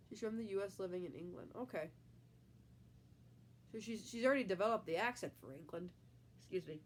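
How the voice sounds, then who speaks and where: A young woman with a Midwestern accent, talking through a stuffy nose from a cold. Her voice sits a little low, and she rambles casually with plenty of fillers as she reads out viewer comments on a live stream. A faint hiss of noise sits under the recording. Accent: Midwestern American. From American Midwest. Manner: chatty, rambling, many fillers. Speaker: livestream host.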